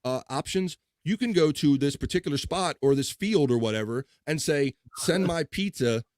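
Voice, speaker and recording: A man's voice: fairly high pitch, expressive, moderate pace, a little mellow, no echo, studio quality. A man hosting a casual livestream, chatting loosely, swearing and laughing as he reads comments. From Baltimore. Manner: loose, profane, laughs often. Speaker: livestream host. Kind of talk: casual chat reading live comments.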